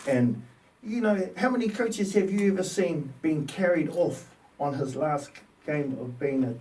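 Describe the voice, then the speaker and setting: A New Zealand man in his fifties, a former rugby player, telling stories as a guest in a relaxed, slangy way. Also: fairly high pitch, a little slow. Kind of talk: casual storytelling. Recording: distant mic with faint background noise.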